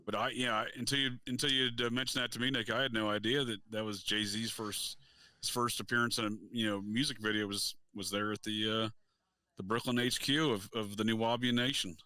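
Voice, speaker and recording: Podcast guy talking fast, bright sharp voice, dry close sound, trips over his words. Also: on the low side, steady tone, dry recording. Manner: rapid, thinking aloud with restarts. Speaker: podcast co-host. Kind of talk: casual podcast chat.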